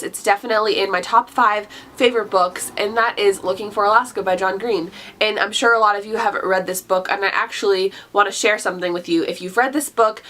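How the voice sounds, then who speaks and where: A young woman talks through her favorite books in a casual vlog. Her voice sits in a middle register, and she gushes freely, restarting sentences and filling pauses as she goes. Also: mid-range voice, fairly bright tone. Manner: chatty, gushing, many fillers and restarts. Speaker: booktuber. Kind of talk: casual book review vlog.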